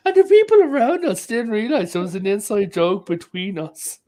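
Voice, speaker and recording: A man's voice: sits high, moderate pace. A man from Europe in a casual chat, telling funny stories and acting out the quotes, laughing often. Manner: animated storyteller, acts out quotes, laughs often.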